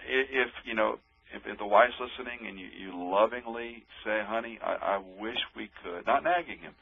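A man's voice: fairly low pitch, gravelly, slightly rough. A man giving earnest Christian marriage advice on the radio, telling anecdotes and often repeating words as he restarts. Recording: narrow tinny radio-line sound.

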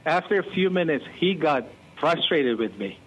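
A man, a pastor being interviewed, telling stories animatedly and given to excited outbursts. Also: a little high, normal speed, a little hiss or hum. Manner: animated, bursts into excited exclamations. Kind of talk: storytelling interview talk. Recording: muffled lo-fi.

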